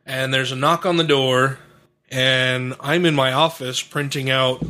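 Bright-toned male host from Utah, swears freely in loose casual chat. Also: mid-range voice, steady tone, a little slow. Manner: profane storytelling. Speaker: podcast host. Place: home studio.

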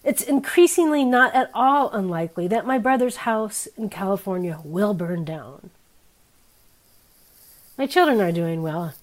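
A woman in her fifties preaching a sermon in a candid, wry, conversational way, her pitch and loudness swinging widely. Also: lively intonation, a little slow.

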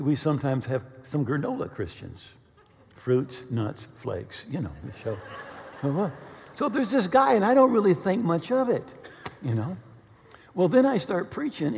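A male pastor preaching a sermon, telling stories with animated bursts of quick speech. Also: a little high, big-room sound. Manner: animated storyteller, speeds up when excited.

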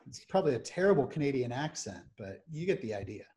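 A man hosting a podcast, explaining legal matters in measured, methodical lists. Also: medium pitch, big pitch swings, a little mellow. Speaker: criminal defense attorney host.

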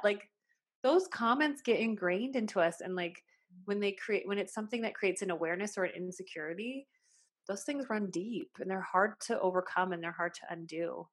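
A woman's voice: medium pitch, normal speed. A woman in her late thirties, a hairstylist and salon owner, telling stories in a chatty, casual way full of "like"s. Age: 30s. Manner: chatty storytelling, many "like"s. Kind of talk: casual podcast chat.

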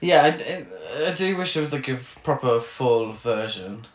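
A man's voice: medium pitch, sing-song, measured pace, echoey room. A man co-hosting a casual chat, making jokey, camp asides and wry quips. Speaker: podcast co-host.

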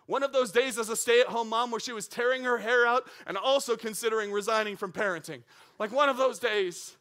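A man in his thirties preaching a sermon, moving from calm teaching to excited, animated storytelling. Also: extremely high pitch, fairly quick. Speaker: pastor.

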